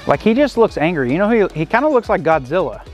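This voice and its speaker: A man hosting a casual vlog outdoors on a farm, chatty and excitable, talking to the animals and the camera. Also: high-pitched, fast, soft background music. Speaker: vlog host. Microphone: handheld action camera.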